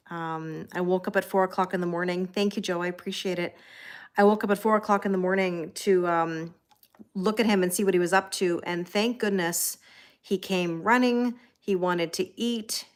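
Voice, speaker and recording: A woman's voice: fairly low pitch, fairly even intonation, normal speed. Tired, chatty Canadian woman. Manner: chatty, greets viewers by name, frequent ums and light laughs. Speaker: tarot reader hosting a livestream. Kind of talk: casual livestream chat.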